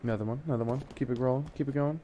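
A young man casually commenting on his own shooter gameplay in a goofy, rambling way, breaking into excited yelps. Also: medium pitch, rapid-fire. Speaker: gameplay streamer.

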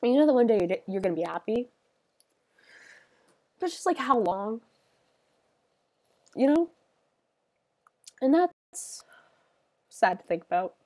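A young adult woman chatting on a livestream while she plays, soft and halting with many fillers, tearful and sniffly. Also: a little high, expressive, no echo. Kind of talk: casual stream chat while gaming.

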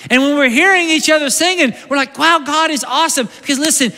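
A male pastor preaching a conversational sermon, moving from loud bursts to hushed, slow lines, recorded live in a church sanctuary. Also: very high-pitched, long reverb tail.

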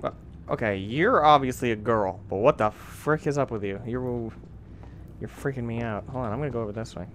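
During a video game, a man at medium pitch speaks fairly quickly, giving goofy and mildly crude commentary on his gameplay. The audio is noisy and the game can be heard behind him.

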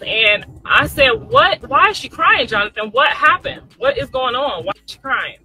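A middle-aged woman casually telling a family story, chatty and animated, talking straight to her listeners. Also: a little high, low-quality recording.

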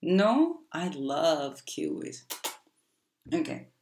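A woman teaching a playful vocabulary game to children, speaking in a slow, exaggerated teacher voice. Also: low-pitched, sing-song, darkish tone. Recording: echoey room.

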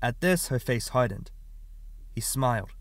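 A man narrating an audiobook in a measured, steady reading. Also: mid-range voice, no room sound. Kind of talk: scripted narration.

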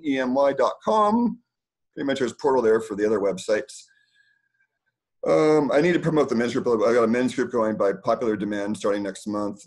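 A middle-aged man hosting a casual community talk from his house, rambling and digressing as he explains. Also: lowish voice.

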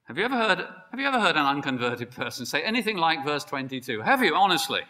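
A man preaching a sermon, emphatic and building to excited peaks. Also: fairly high pitch, fast, few pauses. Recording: long hall reverb.

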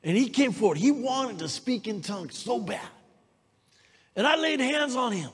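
A woman preaching a sermon, telling stories with lively energy and calling for amens from the congregation. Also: on the high side, moderate pace, slightly rough, in a large hall. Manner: lively storytelling, calls for amens. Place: church sanctuary.

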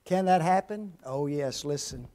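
Preacher, male, high voice, slow and deliberate, emphatic, with rhetorical questions to the congregation. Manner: swings between loud, rising emphasis and low, quiet drops. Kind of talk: sermon.

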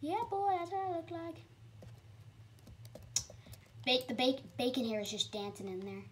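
Excitable young woman gaming, lively pitch. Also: a little fast, hardly any pauses, a little hiss or hum. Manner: excitable, chatty, sudden high squeals. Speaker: gamer. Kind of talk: casual gameplay commentary.

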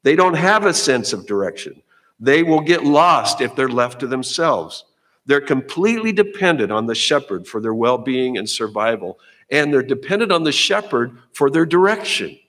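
A man's voice: mid-range voice, sing-song, moderate pace, fairly bright tone. Man preaching a folksy sermon in a reverberant church. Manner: conversational, folksy, repeats words as he goes. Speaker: pastor. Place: church sanctuary.

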